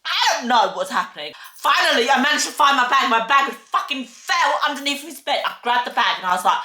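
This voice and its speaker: A young woman tells a dramatic story straight to the camera. Her voice is bright and forward, and she swears freely as she acts out her own thoughts. The room around her rings with echo. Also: high-pitched, big pitch swings, a little fast, few pauses. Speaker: vlogger.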